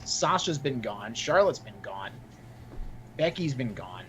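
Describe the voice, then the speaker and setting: A man co-hosting a casual wrestling podcast, excitable and swearing casually. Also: medium pitch, a little slow, slight background noise. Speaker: podcast co-host.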